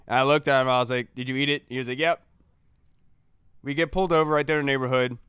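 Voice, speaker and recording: A young man, a podcast co-host, telling a story in a casual, animated way and acting out the voices he quotes. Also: medium pitch, racing, clean tone, no room sound, clean studio sound.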